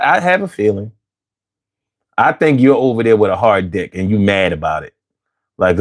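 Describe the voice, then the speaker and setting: A man's voice: fairly low pitch, moderate pace, pauses often. A man hosting a late-night livestream, ranting with heavy profanity and talking back to his chat. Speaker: livestream host.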